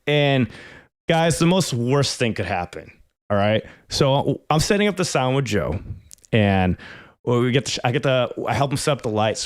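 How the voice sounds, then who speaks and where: A man, a podcast co-host, telling a story in casual chat, animated and swearing, his voice climbing as he gets excited. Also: on the low side, dry recording, studio quality. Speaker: podcast co-host, sound engineer.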